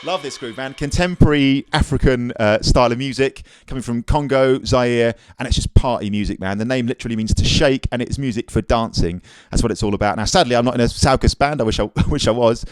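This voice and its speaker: A man's voice: medium pitch, brisk, smooth, dry recording. Chatty male drum teacher counting beats. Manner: chatty and upbeat, counts rhythms aloud. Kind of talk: casual video drum lesson. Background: drum kit playing.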